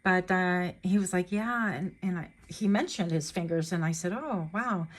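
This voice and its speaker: A woman's voice: fairly low pitch, moderate pace. A woman giving a casual pick-a-card tarot reading, chatty and rambling, getting emotional and laughing often. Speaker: tarot reader.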